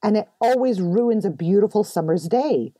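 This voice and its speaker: Brief: middle-aged woman, podcast guest, mellow low voice, American accent with a light Scottish touch, candid and expressive, dry close sound. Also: normal speed, dry recording. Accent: American-tinged English with a light Scottish touch. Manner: candid and expressive, laughs often. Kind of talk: casual interview talk. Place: home room.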